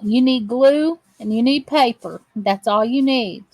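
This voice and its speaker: A woman's voice: on the high side, a little slow, a little mellow, dry recording, low-quality recording. A woman hosting a crafting channel, chatting to viewers as she crochets and greeting them by name. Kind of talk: live crochet chat with viewers.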